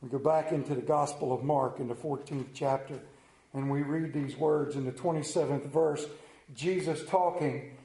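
A man's voice: medium pitch, fairly even intonation, normal speed, warm tone, echoey room, low-quality recording. A middle-aged male pastor preaching a sermon, telling stories with self-mocking humor.

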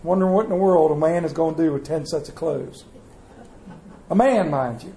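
A man's voice: fairly high pitch, brisk, dark tone, reverberant, slight background noise, low-quality recording. A man preaching a sermon in a folksy storytelling way, acting out the voices in his stories. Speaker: pastor. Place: church.

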